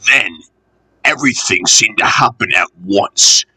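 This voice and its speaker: A man narrating a children's train storybook in an expressive, animated way. His pace is slow and unhurried, his tone bright, and the recording dry and close. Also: lowish voice, breathy edge, dry recording, rough recording. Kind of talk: storybook reading.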